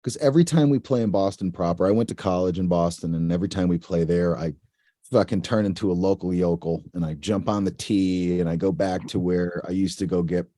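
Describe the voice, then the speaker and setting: A man's voice: sits low, brisk, warm tone, no echo. A man from the northeastern United States chatting as a guest musician in an interview, laid-back and joking, swearing casually.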